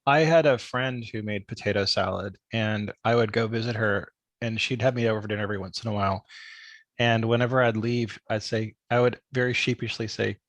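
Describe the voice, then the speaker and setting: Man, podcast host, fairly low pitch, chatty and laughing, dry sound. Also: fairly even intonation, fairly quick, fairly bright tone, no room sound. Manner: chatty, tells anecdotes with laughter. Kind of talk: casual interview conversation.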